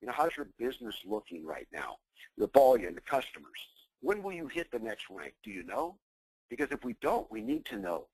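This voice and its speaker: A man's voice: medium pitch, sing-song, fairly quick, creaky, darkish tone, slightly rough, no echo, rough recording. A man leading a motivational business training call, intense and emphatic, firing rhetorical questions at his listeners. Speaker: business coach.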